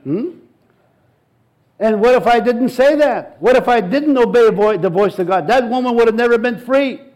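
A male pastor with a very high voice preaches at a moderate pace on a rough recording. He tells stories animatedly, voices the dialogue, and repeats things frequently.

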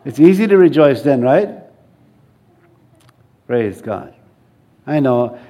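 A male pastor preaches a sermon in a church, lively and coaxing the congregation to respond and join in. He speaks slowly in a mid-range voice.

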